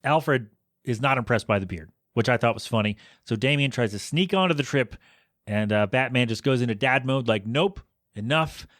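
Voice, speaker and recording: A man's voice: mid-range voice, brisk, fairly bright tone, dry recording. A man with a mid-range voice hosts a podcast, recapping a movie in a loose, chatty way. He keeps throwing out rhetorical questions and exasperated asides. His voice sits close to a podcast mic in a dry, dead-sounding space. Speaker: podcast host. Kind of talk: casual movie review.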